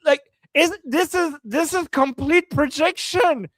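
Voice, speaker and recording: A man co-hosts a live stream in casual commentary, emphatic and incredulous and quick to exclaim. His voice sounds dry and close, with no room around it. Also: very high voice, fairly bright tone, no room sound, poor audio. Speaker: livestream co-host.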